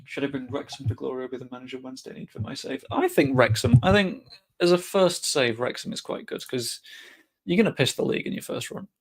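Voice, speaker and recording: A man's voice: medium pitch, lively intonation, a little fast. A young man giving casual, chatty commentary while playing a game, muttering to himself and swearing offhand. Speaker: gaming streamer.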